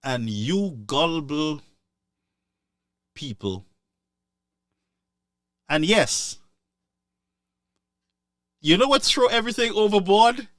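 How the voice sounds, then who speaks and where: A man's voice: a little high, animated, slow pace, pauses often, a bit bright, no echo, studio quality. A man giving impassioned political commentary, scolding listeners in a repetitive, sarcastic way.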